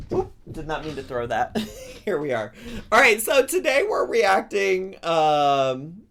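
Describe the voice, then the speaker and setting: A man's voice: fairly high pitch, very animated, slow pace, a bit bright. A man hosting a casual live stream, chatting playfully with viewers and breaking into squeals and giggles. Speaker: streamer host.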